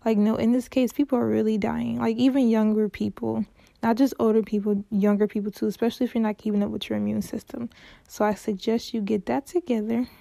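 A young woman hosts her own show and tells a story with chatty fillers and sudden dramatic exclamations. Her voice is a little high, with a mellow, gravelly tone. The sound is close and dry. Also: level tone, fairly quick, no room sound. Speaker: podcast host. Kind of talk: casual storytelling monologue.

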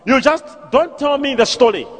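A man preaching and prophesying at a live church service, commanding and repetitive, often shouting. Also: very high-pitched, animated, moderate pace. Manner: commanding, repeats questions, shouts phrases. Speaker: pastor and prophet.

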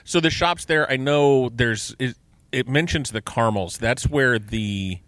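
A man's voice: medium pitch, a little slow, a bit bright, dry recording. A middle-aged man co-hosting a podcast, chatting casually and enthusiastically and asking lots of questions. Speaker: podcast co-host. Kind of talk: casual chat.

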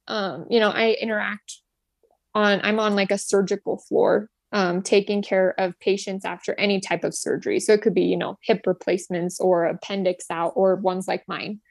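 A woman's voice: medium pitch, creaky, dry recording. Earnest young woman sharing her story. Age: 20s. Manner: earnest, grateful, many fillers and restarts. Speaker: guest, nurse. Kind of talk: personal story in an interview.

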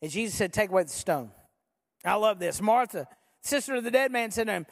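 A pastor preaching a sermon to a live congregation, talking conversationally and swinging between soft, slow stretches and loud, quick bursts, sometimes leading the crowd in repeating a line. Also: mid-range voice, expressive. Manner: leads the congregation in repeating lines. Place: large church hall with a live congregation. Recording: long hall reverb.

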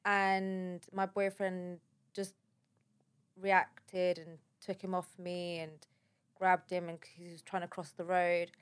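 Woman telling what happened to her, halting, lots of um and like. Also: lowish voice, level tone, clear, resonant tone. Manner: shaken, halting storytelling with many fillers. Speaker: guest telling a personal story. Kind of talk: casual spoken account.

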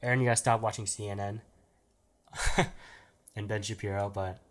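A man's voice: fairly low pitch, fairly even intonation, normal speed. A young man hosting a casual podcast, reading out listener questions and rambling with slang and frequent laughs. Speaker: podcast host.

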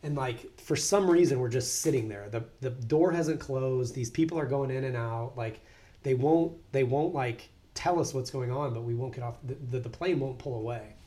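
A man's voice: medium pitch, moderate pace. Guy telling a crazy story on a podcast, swears a lot, does voices. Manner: animated, profane, acts out voices loudly. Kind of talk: casual storytelling chat.

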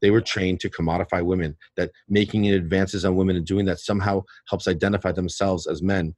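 A man, a filmmaker, speaking earnestly and in a measured way in an interview. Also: low voice, fairly even intonation, darkish tone, dry recording. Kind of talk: reflective interview commentary.

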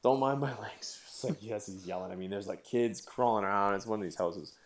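Middle-aged guy, lower voice, animated swearing raconteur for a chatty podcast. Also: fairly quick, noisy background. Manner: animated storyteller, swears, laughs while telling. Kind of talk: casual chat.

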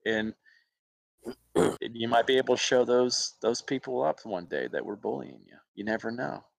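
A man's voice: medium pitch, moderate pace, gravelly, dry recording. A man from Alabama, an actor, telling personal stories in a casual interview. He laughs often and acts out other people's voices.

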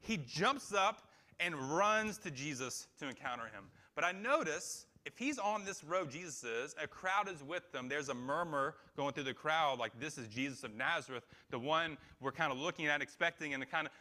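A pastor preaches in a small church room, chatting with his listeners and asking them questions. His voice sits a little high and comes across bright and forceful. He keeps a loose, conversational preaching manner. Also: fairly quick. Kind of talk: sermon.

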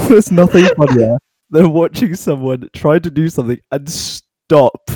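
A man's voice: a little high, unhurried, warm tone, breathy edge, no room sound. A young man telling a funny memory on a casual podcast, laughing through his words. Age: young adult. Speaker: podcast co-host. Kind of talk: casual chat.

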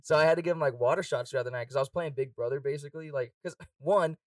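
A young man telling a party story in casual chat, profane and quick, laughing often and acting out quotes. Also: fairly high pitch, no room sound, distant mic.

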